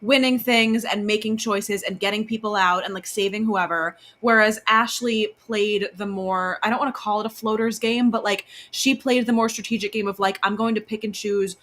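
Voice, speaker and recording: A woman co-hosting a casual podcast chat, animated and blunt, often swearing and acting out what others said. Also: mid-range voice, moderate pace, hardly any pauses. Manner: animated, swears freely, acts out quotes. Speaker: podcast co-host.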